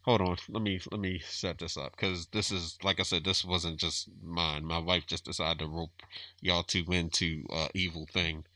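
A man's voice: low-pitched, level tone, normal speed, pushed and bright, no echo. A man hosting a podcast, chatting casually in a laid-back, wry way. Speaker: podcast host. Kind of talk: casual chat.

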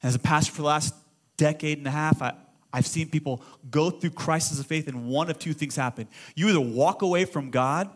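A middle-aged man preaching a sermon as pastor, impassioned and conversational, at times shouting. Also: on the high side, brisk. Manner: impassioned preaching, swings to shouting when quoting prayers.

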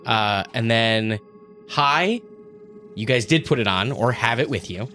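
A man narrating as dungeon master in a relaxed, rambling way with fillers. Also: mid-range voice, measured pace, soft background music. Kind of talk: narrating a tabletop game.

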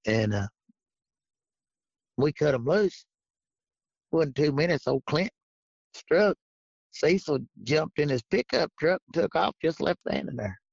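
A guest tells a rambling, folksy hunting story, acting out what each person said, captured on a dull lo-fi recording with no room sound. His voice is fairly high, animated, slow, and creaky with a breathy edge, and he leaves long pauses.

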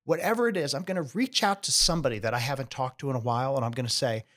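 A man's voice: medium pitch, racing, hardly any pauses, a bit bright. A middle-aged man hosting a podcast, giving an earnest, emphatic motivational talk. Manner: earnest, emphatic, building up encouraging scenarios. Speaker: podcast host.

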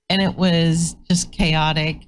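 A woman co-hosting a talk show, speaking in a measured, thoughtful way with frequent fillers. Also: sits low, a little hiss or hum. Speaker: co-host. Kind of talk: casual chat.

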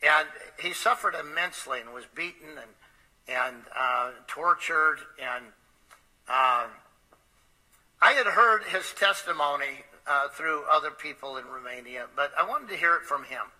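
Man, preacher, storytelling sermon, fairly high voice, tense bright tone, hesitant fillers. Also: animated, unhurried, low-quality recording. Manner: conversational, hesitant with frequent uh fillers.

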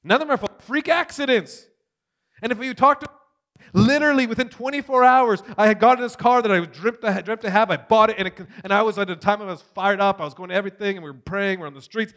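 A man giving a testimony sermon, telling his story with big swings between loud and hushed. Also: sits high, quick pace. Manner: animated storytelling, swings from shouting to near whisper. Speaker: preacher.

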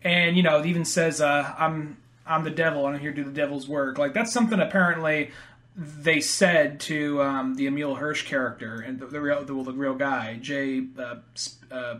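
Dude retelling movie scenes, kinda high voice, cussing and laughing. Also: male voice, normal speed. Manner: profane, animated, laughing. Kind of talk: casual chat about a film.

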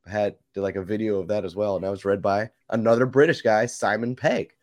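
Male podcast co-host, low register, dry close mic, chatty and animated. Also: fast, dry recording. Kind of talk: casual chat.

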